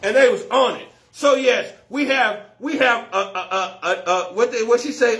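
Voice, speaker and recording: A man doing stand-up comedy, telling a story loudly and with lots of slang and swearing, often laughing at his own jokes. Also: extremely high pitch, moderate pace, few pauses. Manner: profane and slangy.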